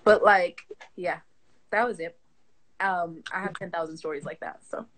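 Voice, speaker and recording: A woman in her twenties, a guest in a casual chat, talking in an animated, slangy way and laughing often. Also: lowish voice, moderate pace, low-quality recording. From Haitian family.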